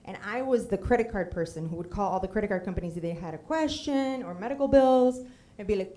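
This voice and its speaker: With a medium pitch and a fast delivery, a middle-aged woman from Puerto Rico tells a personal story onstage using slides. She's lively and comic, frequently wandering into tangents and acting out quotes.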